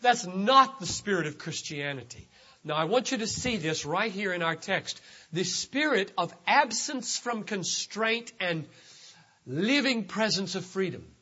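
A male pastor preaching with a high, lively voice that climbs and drops a lot. The tone is bright and a little husky, and he takes his time over each phrase. It sounds like a dull, lo-fi church recording. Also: a little slow. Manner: emphatic preaching with repeated phrases, voice rising on key words. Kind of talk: sermon.

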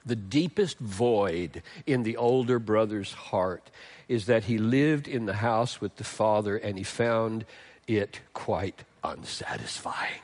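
A middle-aged male pastor preaching a sermon, swinging from emphatic lines to hushed, tender ones. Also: lowish voice, lively intonation, takes it slowly.

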